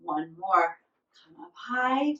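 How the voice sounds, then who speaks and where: A woman leading a children's yoga class, giving gentle, encouraging instructions and now and then making playful animal noises. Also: medium pitch, animated, slow pace, roomy sound, distant mic, highs cut off. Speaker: kids' yoga teacher.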